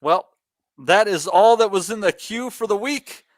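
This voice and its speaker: A man hosting a boxing podcast, wry and quick, swearing freely in casual banter. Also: high-pitched, dry recording. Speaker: podcast host reading viewer questions.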